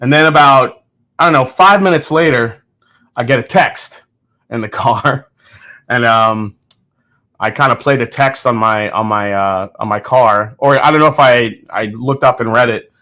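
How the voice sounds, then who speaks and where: A man talks at an ordinary mid-range pitch in a loose, chatty way at home. He rambles, restarts his sentences and laughs as he goes, like a host telling friends a story. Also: normal speed, bright, forceful tone. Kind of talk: casual chat.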